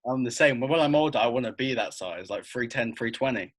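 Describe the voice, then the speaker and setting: A man's voice: medium pitch, a little fast, noisy background. A man co-hosting a casual podcast chat, talking hesitantly with many fillers.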